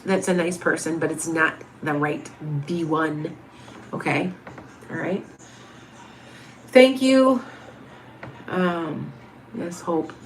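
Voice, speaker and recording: A woman's voice: on the low side, slow, pauses often, a little hiss or hum. A woman in her fifties, a medium hosting a livestream, chatting casually through viewer questions with lots of restarts and asides. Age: 50s.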